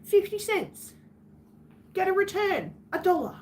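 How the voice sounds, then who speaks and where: A woman's voice: very high-pitched, very animated, a little slow, a little mellow, slight background noise. An Australian woman chatting casually on her livestream, venting bluntly to her viewers and swearing freely.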